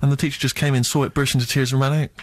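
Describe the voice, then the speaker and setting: A man's voice: medium pitch, flat delivery, rapid-fire. A man co-hosting a radio chat show, telling school stories in a reflective, wry way. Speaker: radio co-host. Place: radio studio.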